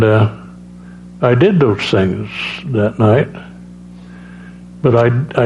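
A man giving a personal testimony as a preacher, halting, with many restarts and fillers. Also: mid-range voice, darkish tone. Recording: dull lo-fi sound with faint hum.

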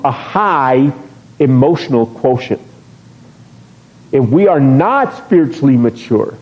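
A middle-aged male pastor preaching a sermon from a church pulpit, joking with the congregation and asking them questions. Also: fairly high pitch. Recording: dull lo-fi sermon recording.

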